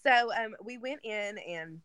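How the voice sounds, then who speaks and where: A woman's voice: on the high side, a little slow, a bit bright, clean tone, no room sound. Woman earnestly telling a personal story. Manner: casual, filler-heavy, earnest. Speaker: interview guest. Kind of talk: emotional personal story in conversation. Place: lives in Kentucky.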